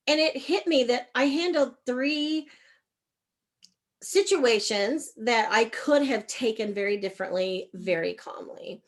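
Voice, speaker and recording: Expressive middle-aged woman telling a story. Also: unhurried. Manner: animated, acts out quoted exchanges with shifts in pitch and loudness. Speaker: guest, leadership coach. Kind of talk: candid personal storytelling in an interview.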